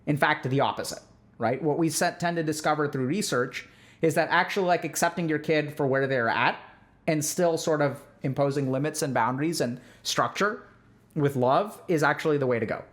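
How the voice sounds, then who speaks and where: A man's voice: a little high, moderate pace, a bit bright. A man, a clinician, explaining parenting in a casual, conversational way, peppering his talk with "like" and frequent "right?" check-ins. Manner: sarcastic when mocking strict views. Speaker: clinician giving parenting advice.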